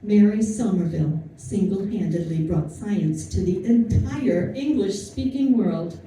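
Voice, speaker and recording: In an echoey room with faint noise and a distant mic, a woman lectures informally on history, chatting and storytelling with asides and fillers. Her voice is medium-pitched and warm, with a measured pace.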